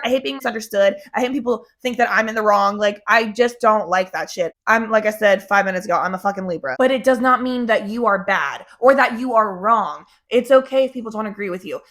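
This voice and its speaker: A woman's voice: mid-range voice, a bit bright. A young woman talking casually to camera in a chatty way, swearing often and filling her talk with "like". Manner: chatty, frequent swearing and fillers. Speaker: vlogger.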